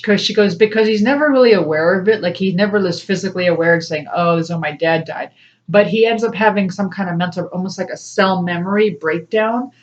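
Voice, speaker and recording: A woman's voice: mid-range voice, lo-fi sound. A woman, a spiritual coach, talking casually and personally to her viewers, laughing often and acting out voices when she quotes people. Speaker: spiritual coach and tarot reader. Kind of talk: casual personal talk to camera.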